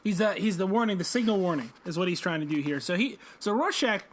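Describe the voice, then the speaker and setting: A young man co-hosting a podcast, retelling a comic in an animated, laughing way. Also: high voice, quick pace, slight background noise. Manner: animated storytelling, laughs often. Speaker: podcast co-host. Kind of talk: casual chat.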